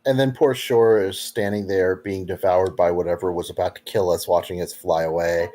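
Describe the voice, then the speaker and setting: A man's voice: deep voice, fairly even intonation, normal speed, mellow. A man playing at a tabletop game, joking wryly in casual table talk. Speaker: player.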